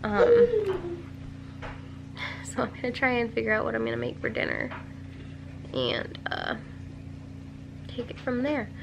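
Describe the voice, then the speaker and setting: Young mom vlogger, somewhat high voice, rambling home chat, tired, faint room hum. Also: female voice, huge pitch swings, measured pace, vocal fry, long pauses, highs cut off. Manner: chatty and rambling, many "like" fillers. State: tired and emotional. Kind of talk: casual home vlog. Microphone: handheld camera.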